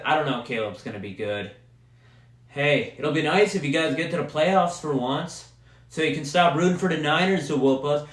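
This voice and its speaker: Man ranting profanely about football. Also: medium pitch. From Wisconsin. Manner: profane, heated sports ranting. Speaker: podcast host. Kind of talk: solo podcast rant about football. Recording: roomy echo.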